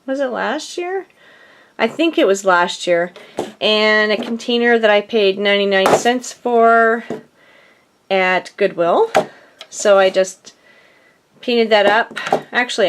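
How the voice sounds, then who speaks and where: A middle-aged woman with a medium-pitched voice chats casually in her home craft studio, with slight background noise. A crafting vlogger, she rambles, sounds a little out of breath, and is chatty and self-deprecating.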